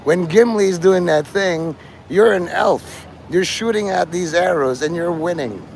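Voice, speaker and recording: A man with a somewhat high, gravelly voice rambles through a profane, free-associating live stream. He talks straight to his chat from outdoors on a city street, with faint noise behind him. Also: a little slow, a little mellow. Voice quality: gravelly, strained voice he calls his normal one. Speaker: livestreamer.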